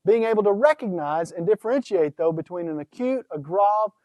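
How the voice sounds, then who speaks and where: High-voiced man teaching Greek pronunciation. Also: lively intonation, brisk, darkish tone, dry recording. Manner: teacherly, asks questions and answers them. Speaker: Greek instructor. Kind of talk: recorded course lecture.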